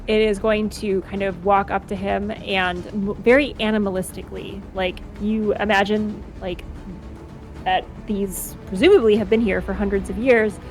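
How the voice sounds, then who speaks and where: A woman's voice: mid-range voice, fairly even intonation, normal speed, faint music behind. Woman running a tabletop game. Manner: explains rules while thinking aloud. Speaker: dungeon master.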